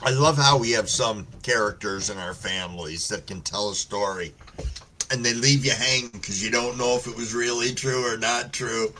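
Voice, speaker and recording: A man's voice: medium pitch, moderate pace, pushed and bright, a little hiss or hum. A man hosting a live stream, chatting casually with viewers in a laid-back, rambling way and swearing freely while stoned. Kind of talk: casual chat reading viewer comments.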